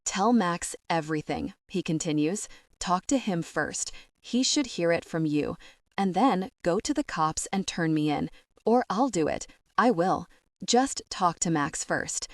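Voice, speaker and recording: A woman's voice: lowish voice, lively intonation, unhurried, no room sound, clean studio sound. A woman voicing a remorseful young man who begs desperately, in an audiobook reading.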